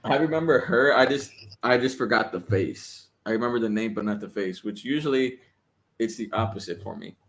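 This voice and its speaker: A man in casual podcast chat, telling stories in an animated, profane way. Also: lowish voice, brisk.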